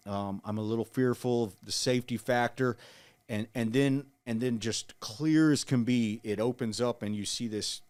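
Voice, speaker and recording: A man in his forties telling his story in an interview, earnest and halting, with frequent restarts. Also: medium pitch. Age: 40s. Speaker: guest, Marine veteran.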